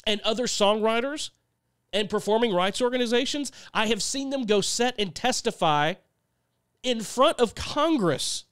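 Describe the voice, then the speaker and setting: A man's voice: very high voice, expressive, measured pace, fairly bright tone, clear, resonant tone, no room sound. A man hosting his own podcast, talking in a blunt, sarcastic, casual monologue and swearing freely into a close microphone. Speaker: podcast host and songwriter.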